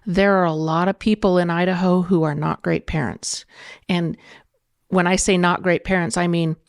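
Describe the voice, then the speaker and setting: A middle-aged woman, a podcast guest, arguing her position in an earnest, measured way. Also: lowish voice, steady tone, smooth, dry recording, clean studio sound. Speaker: guest, political candidate. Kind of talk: debate in a podcast interview.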